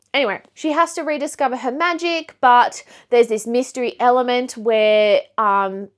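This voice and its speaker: A young woman chatting to camera about her month's reading, her voice sitting a little high. She rambles happily through asides and fillers, holding books up as she goes. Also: fairly bright tone. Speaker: book vlogger. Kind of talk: casual book review chat.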